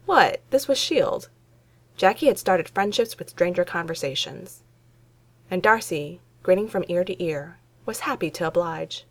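A woman narrating a fan fiction story aloud in a wry, relaxed way. Her voice sits a little lower than most women's. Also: a little slow. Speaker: reader.

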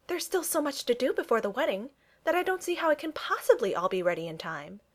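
A woman's voice: on the high side, very animated, brisk, pitched above the performer's own voice. A woman voicing a sweet, earnest young Regency lady about to be married, speaking in proper phrasing.

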